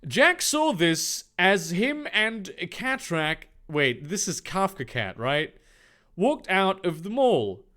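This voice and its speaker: A man reads a story aloud with mocking, sarcastic commentary, stumbling over the words. His pitch sits fairly high and moves a lot, and he takes his time. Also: big pitch swings, slow, pushed and bright. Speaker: channel host reading a fan fiction aloud. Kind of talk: comedic read-through with sarcastic asides.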